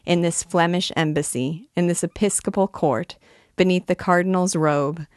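A woman reading a classic novel aloud in a measured, expressive way. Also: fairly low pitch, no room sound, clean studio sound. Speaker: reader and teacher.

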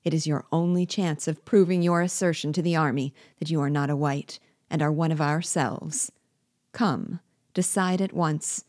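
A woman reading aloud and voicing a cold, commanding male rebel general who speaks in clipped, measured orders. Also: deep voice, steady tone, darkish tone, dry recording, studio quality, natural voice. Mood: impatient. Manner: cold and clipped, then impatient.

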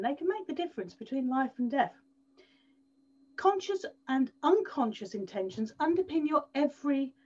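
Woman giving a talk, pretty high voice, lively storyteller, kinda dull lo-fi audio. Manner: animated storyteller, leaning on repeated words. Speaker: speaker at an event. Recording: dull slightly lo-fi sound.

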